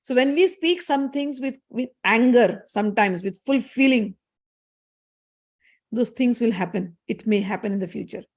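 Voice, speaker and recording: A woman's voice: fairly high pitch, animated, moderate pace, darkish tone. A woman, a spiritual teacher retelling scripture stories in a conversational lesson, often repeating and restarting phrases.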